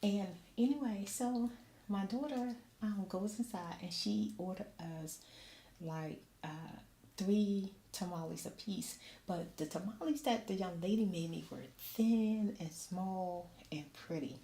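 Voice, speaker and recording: A middle-aged woman telling a story in a soft-spoken ASMR chat, slipping into whispers now and then. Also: medium pitch, unhurried. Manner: animated storytelling, drops into whispers. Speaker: ASMR creator. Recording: roomy echo, faint ambient noise.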